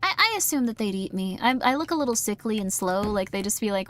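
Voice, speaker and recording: A woman's voice: mid-range voice, lively intonation, fast, hardly any pauses, fairly bright tone, faint music behind. A woman streaming a game in casual chat, rambling and self-mocking, reading chat as she plays. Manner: rambling, self-mocking, jumps into quoted voices.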